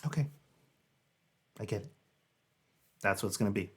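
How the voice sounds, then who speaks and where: A man's voice: fairly low pitch, normal speed, breathy edge. A man in his thirties hosting a reaction video, chatting casually and telling a rambling, filler-heavy story. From Southern California.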